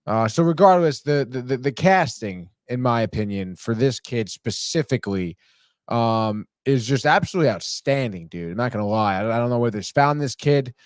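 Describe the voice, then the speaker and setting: Brief: casual male podcast host, mid-pitched, swears freely, dry close mic. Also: expressive, moderate pace, clean tone, no echo. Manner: rambling, profane, says "dude" a lot. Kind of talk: casual TV episode recap.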